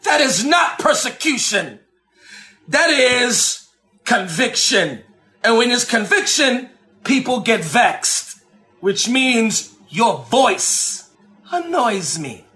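A man preaching a sermon, emphatic and animated, swinging between shouted lines and slow, drawn-out low phrases, repeating lines for effect.

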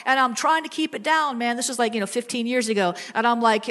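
A woman preaching a sermon, telling stories in a chatty way and slowing into drawn-out, emphatic prayer. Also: a little high, a bit bright. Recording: music playing behind the voice.

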